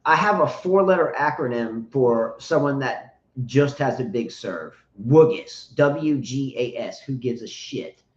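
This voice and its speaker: A man's voice: medium pitch, animated, a little slow. A man co-hosting a live tennis chat show, talking loosely and with plenty of profanity, hyping up the chat. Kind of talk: casual live-stream chat. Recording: roomy, dull lo-fi live-stream audio.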